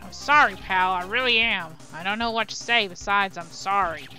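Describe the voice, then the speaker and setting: Woman voicing a male police detective, earnest, apologetic, bright forceful tone, game dialogue. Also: medium pitch, normal speed, soft background music, close to an everyday voice. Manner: apologetic, earnest, calls people pal.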